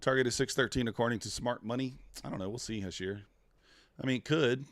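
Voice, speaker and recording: In a dry recording, a male day trader live-streams his futures trades, speaking fast in a mid-range voice. He talks to himself and the chat, mutters over the charts and groans at each loss.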